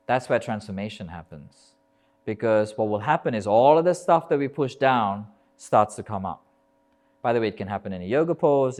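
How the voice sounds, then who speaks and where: A man's voice: fairly low pitch, darkish tone. Emphatic male yoga teacher. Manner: emphatic, rhythmic lists, casual swearing. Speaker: yoga teacher giving a talk. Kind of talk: live motivational talk. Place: yoga festival talk, indoors.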